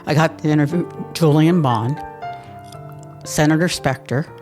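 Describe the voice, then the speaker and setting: An older woman, telling stories from her life as a mayor in a lively, laughing way, often repeating words as she restarts. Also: low voice, a little slow, soft background music. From Pennsylvania. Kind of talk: conversational storytelling interview.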